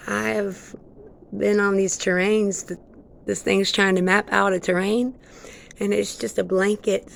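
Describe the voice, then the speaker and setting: Woman rambling to camera, excitable, lots of vocal fry. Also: medium pitch, slight background noise. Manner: rambling, excitable, stream-of-consciousness. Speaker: vlogger. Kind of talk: casual monologue.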